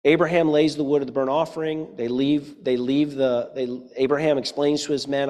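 A man's voice: fairly high pitch, steady tone, moderate pace, darkish tone, long reverb tail. A man in his forties preaching a sermon, talking conversationally and making joking asides to his congregation. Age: 40s. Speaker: pastor.

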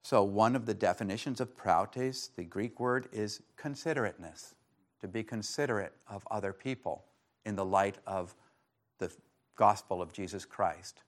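A man's voice: lowish voice, normal speed. Man preaching an earnest sermon. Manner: earnest preaching with scripture readings and anecdotes. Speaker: pastor.

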